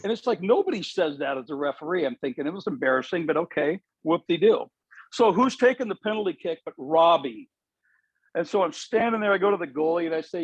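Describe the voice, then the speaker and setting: Animated self-mocking man telling stories. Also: a little high, a little fast, husky, no room sound, highs cut off. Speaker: soccer referee. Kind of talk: storytelling at a meeting.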